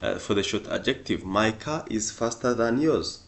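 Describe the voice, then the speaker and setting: A man's voice: lively intonation, vocal fry. A man teaching a beginner English grammar lesson, going step by step and repeating each example word with extra stress. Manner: slow and deliberate, repeating example words; stresses example words louder and higher.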